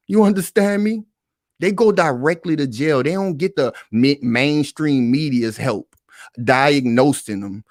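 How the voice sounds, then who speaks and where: A man speaking who hosts a reaction commentary, pausing a news clip and arguing his points emphatically while speaking straight to his viewers. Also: on the high side, no echo, studio quality. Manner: emphatic, repeats points, talks to viewers as "y'all".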